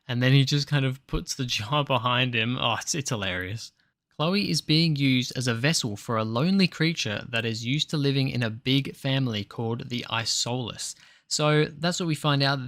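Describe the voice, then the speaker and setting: A man's voice: mid-range voice, a bit bright, no room sound, studio quality. A man giving a casual spoken review of a TV episode, rambling and hesitant, with frequent ums and restarts. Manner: hesitant, filler-heavy, rambling.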